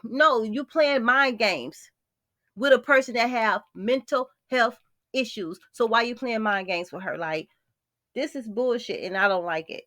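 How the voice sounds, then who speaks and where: A woman's voice: on the high side, a little slow, pushed and bright, no room sound, clean studio sound. Blunt woman ranting about celebrity gossip. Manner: blunt, exasperated, talks straight to the viewer. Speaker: vlogger.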